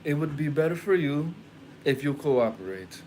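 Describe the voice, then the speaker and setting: A man doing a smooth, dismissive doctor. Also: a little high, lively intonation, moderate pace, darkish tone, slight background noise, lightly acted.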